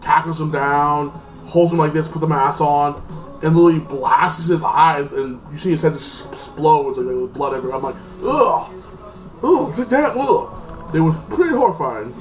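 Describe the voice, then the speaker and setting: A man's voice: a little high, moderate pace. A man giving a casual, rambling movie review, filling his talk with "like" and acting out the characters. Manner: rambling, full of "like", acts out characters. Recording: voice a bit far from the mic, faint music behind.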